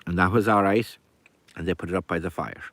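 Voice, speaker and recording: A man telling a folk tale in a lively, chatty way with asides. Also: sits low, brisk, no echo. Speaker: storyteller. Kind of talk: oral folk storytelling.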